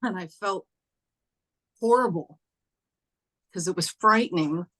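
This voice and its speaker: A woman telling a personal ghost story in casual chat, acting out what people said in a lifted voice. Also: slow pace. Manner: animated, acts out quoted voices with raised pitch; conversational, with fillers and occasional laughs. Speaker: spiritual teacher and host.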